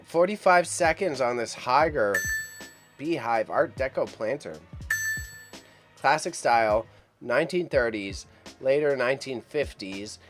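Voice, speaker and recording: An upbeat man hosts a casual live stream and reads out auction bids. He talks at a middle pitch and keeps up a lively patter with his viewers and his cat. Faint music plays quietly behind him.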